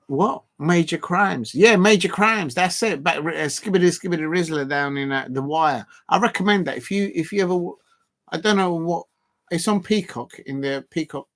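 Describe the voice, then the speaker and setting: Rambling streamer with a gravelly, slightly high voice, chatting through a football watch-along. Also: male voice, fairly bright tone. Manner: rambling, chatty, many fillers and restarts. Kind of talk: casual live-stream chat, reading viewer comments.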